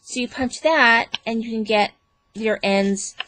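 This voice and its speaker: A woman's voice: a little high, takes it slowly, fairly bright tone. A woman in her thirties chatting through a craft tutorial, rambling with fillers and calling herself a dork. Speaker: crafting vlogger.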